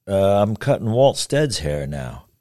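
A man's voice: fairly low pitch, sing-song, unhurried, warm tone, no echo, studio quality. A man voicing a mild, plain-spoken small-town barber who hesitates over his words.

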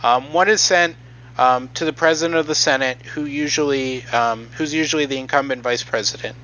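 A man's voice: medium pitch, brisk, pushed and bright, muffled recording. A man on a podcast explaining a process from notes, hesitant and matter-of-fact with frequent ums. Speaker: podcast host presenting research.

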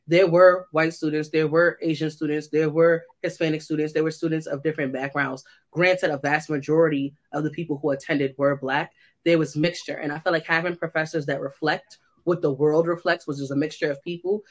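A young woman from the United States, co-hosting a casual chat and telling lively stories, acting out the voices of people she quotes. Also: low voice. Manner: animated storyteller, acts out quoted dialogue. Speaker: co-host.

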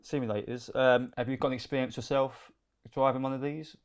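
Quick-talking co-host. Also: male voice, mid-range voice, fairly even intonation, smooth. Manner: brisk, friendly, matey. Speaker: podcast co-host. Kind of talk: casual chat.

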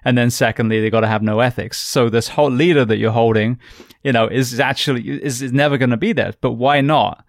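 A man's voice: mid-range voice, steady tone, a little fast, no echo, studio quality. A man hosting a podcast, asking blunt, profane questions that come out as rants. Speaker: podcast host. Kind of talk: casual interview.

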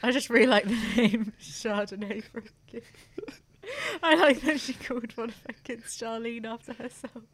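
A woman's voice: fairly high pitch, fairly even intonation, moderate pace. A woman hosting a podcast in brash, joking chat, swearing freely as she banters. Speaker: podcast host.

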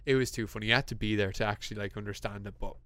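A young man with an Irish accent, a podcast co-host telling a story in casual chat, animated and laughing, with lots of restarts. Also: lowish voice, rapid-fire, no echo.

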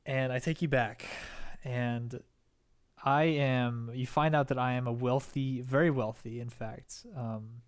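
Young man, casual podcast chat, rambling, hesitant, frequent restarts, mid-pitched voice. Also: fairly even intonation, measured pace, clear, resonant tone. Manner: rambling, hesitant, restarts often while improvising. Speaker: podcast co-host.

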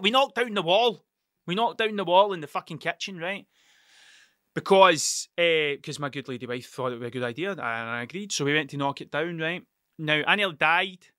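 A man's voice: fairly high pitch, sharp tone, no echo, studio quality. A Scottish man in his thirties with an Ayrshire accent, hosting a podcast and telling a rambling, sweary story that keeps wandering off track. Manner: sweary, digressive, restarts mid-sentence. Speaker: podcast host.

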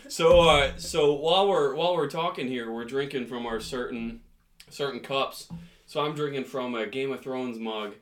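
A man's voice: medium pitch, normal speed. A man co-hosting a casual podcast chat, joking and laughing often. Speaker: podcast co-host.

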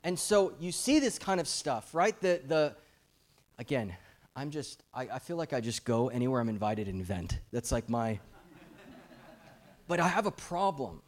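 A man's voice: mid-range voice, sing-song, moderate pace. A middle-aged man preaching a fervent, urgent sermon as a guest preacher, his volume swelling and dropping as he presses his points.

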